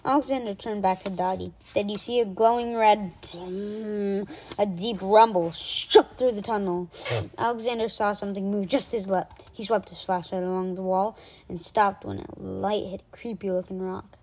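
A woman reading a children's chapter book aloud, expressive, with small stumbles and restarts. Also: medium pitch, moderate pace. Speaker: reader.

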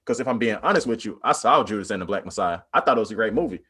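A man's voice: fairly low pitch, animated, very fast, pushed and bright, husky. A man in casual podcast discussion, rambling with many "like" fillers and bursts of animation.

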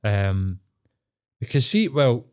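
A man's voice: mid-range voice, slow pace, clean tone. A Glaswegian man co-hosting a podcast, chatting casually and telling stories full of swearing. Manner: sweary, animated storyteller. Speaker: podcast co-host. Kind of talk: casual storytelling chat.

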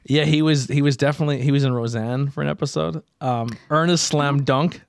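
A man's voice: on the high side, steady tone, fairly quick, gravelly, clear, resonant tone, dry recording. An American man hosting a podcast, chatting casually and loosely, swearing now and then. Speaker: podcast host.

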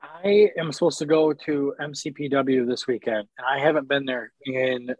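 A man's voice: medium pitch, fairly even intonation, moderate pace, low-quality recording. A man, a professional wrestler, telling rambling profane stories in casual chat, often stopping to apologize.

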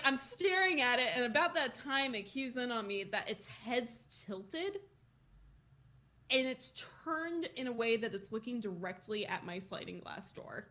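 A young woman co-hosting a casual podcast, telling a story with lively, profane energy. Her voice sits a little high and sounds bright and sharp. She acts out the other people in her story as she goes. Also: measured pace. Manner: animated, swearing, laughing storyteller. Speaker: podcast co-host.

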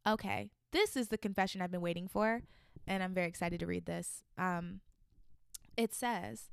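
Animated young woman podcast host. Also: mid-range voice, moderate pace, creaky, clear, resonant tone, no room sound, studio quality. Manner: animated, swearing, reacting loudly. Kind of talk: solo podcast reading listener stories.

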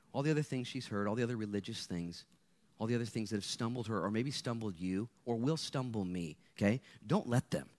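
A man preaching a sermon as a pastor to students, acting out quotes and swinging between loud bursts and quiet intensity. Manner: animated, acts out quotes with big pitch jumps, drops to quiet intensity.

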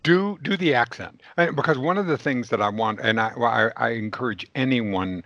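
A man's voice: mid-range voice, lively intonation, normal speed, a bit bright, dry recording, dull audio. Effusive male interviewer, dry sound. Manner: effusive, wordy questions with restarts. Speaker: interviewer, host. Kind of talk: casual interview.

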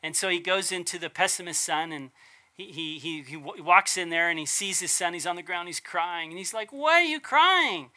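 Chatty preacher guy, bright voice, asks the room questions, restarts his sentences a lot. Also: a little high, steady tone, a little fast. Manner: chatty, asks rhetorical questions, self-corrects. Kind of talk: casual conversational sermon.

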